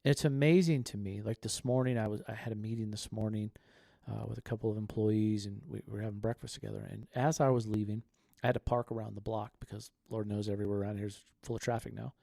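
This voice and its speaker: A man's voice: on the low side, fairly even intonation, quick pace, gravelly, few pauses, mellow, no echo, clean studio sound. A man co-hosting a podcast, telling a story in an earnest, conversational way. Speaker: podcast co-host. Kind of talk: casual chat.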